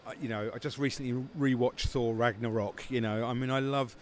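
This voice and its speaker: A man's voice: mid-range voice, fairly even intonation, a little fast. A man who founded a film festival, answering interview questions casually with many fillers and restarts.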